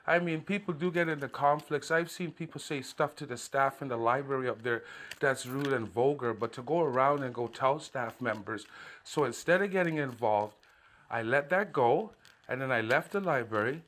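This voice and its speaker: A man's voice: medium pitch, normal speed, fairly bright tone. A man recording a personal complaint monologue, recounting events at length in an aggrieved way and waving details off with repeated filler. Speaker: citizen filing a complaint.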